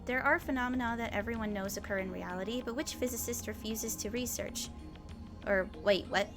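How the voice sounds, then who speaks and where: A woman's voice: fairly high pitch, brisk, over music, lightly acted. A woman voicing a theatrical young male mad scientist in a visual novel. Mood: arguing. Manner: theatrical, grandiose. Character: eccentric self-styled mad scientist, young man.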